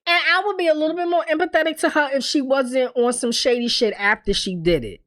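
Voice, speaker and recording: Animated, blunt woman recapping TV. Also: high voice, fast talker. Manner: animated, blunt and profane, laughs often. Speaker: TV recap host. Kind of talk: casual TV recap.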